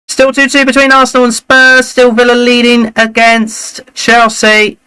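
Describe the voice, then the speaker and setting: A man hosting a live football watchalong, chatting and reacting excitedly to the play. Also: very high-pitched, measured pace, clean tone, rough recording. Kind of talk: live match commentary and chat.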